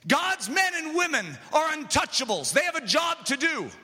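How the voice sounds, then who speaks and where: A man preaching a sermon with passion, dropping to quiet asides and rising to shouts. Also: very high-pitched, very animated, normal speed. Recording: long hall reverb.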